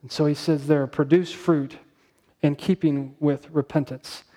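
A man with a somewhat high voice preaches a sermon in an easy, conversational style. He keeps asking his congregation questions and drawing out the words he wants to land. His delivery stays plain and direct. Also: level tone, unhurried, warm tone. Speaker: pastor.

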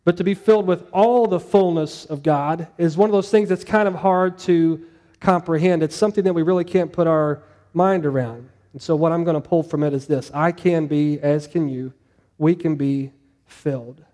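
Man, pastor, sermon, conversational preaching, rhetorical questions, mellow tone, long hall reverb. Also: on the high side, steady tone, normal speed.

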